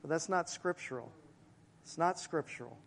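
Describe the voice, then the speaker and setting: A male pastor preaching a sermon in a conversational way, with asides to the congregation and slowing down to stress key phrases. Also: a little high, gravelly, a bit bright, slight background noise.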